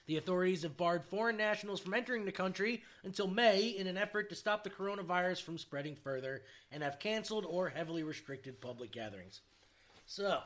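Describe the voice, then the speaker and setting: Bright-voiced man reading headlines. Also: high-pitched. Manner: reads news aloud with joking asides, swears casually. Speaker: podcast host reading headlines. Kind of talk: casual chat.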